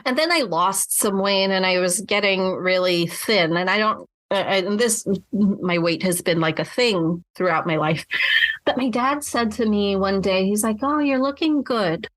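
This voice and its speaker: A woman as a reflective clinician-host, mid-pitch, dry close sound, thinks aloud with restarts. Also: measured pace, fairly bright tone, dry recording. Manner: reflective, with frequent restarts and fillers. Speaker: podcast co-host and mental health clinician. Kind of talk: casual podcast chat.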